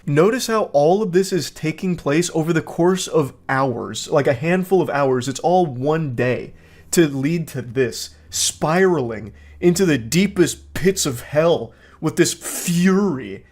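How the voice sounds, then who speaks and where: A man giving casual online video commentary with sarcastic, deadpan asides. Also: on the high side, unhurried.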